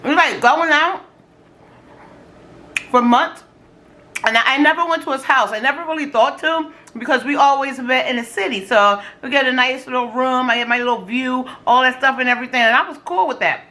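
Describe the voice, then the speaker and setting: A middle-aged woman tells dating stories in a loose, casual vlog while working through a food challenge. Her voice sits high and sounds bright and forceful, full of slang and exclamations as she quotes herself. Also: moderate pace. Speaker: vlogger.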